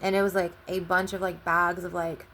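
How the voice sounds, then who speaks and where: A woman's voice: on the low side, little pitch movement, moderate pace, bright, forceful tone, slight background noise. A woman telling a personal story in a casual, rambling way. She swears often and retells conversations with "I'm like" and "he was like.". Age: adult. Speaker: channel host.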